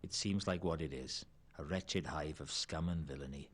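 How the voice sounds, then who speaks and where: Surly Welsh half-elf bartender,, gruff, very deep, evasive. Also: male voice, normal speed, fairly bright tone. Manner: curt and evasive. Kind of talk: video game voice acting.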